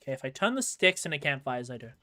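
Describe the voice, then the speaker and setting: A man's voice: medium pitch, sing-song, racing, bright, forceful tone. A man with an Australian accent giving rambling live commentary while he plays a game and talks to his chat. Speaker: gaming streamer.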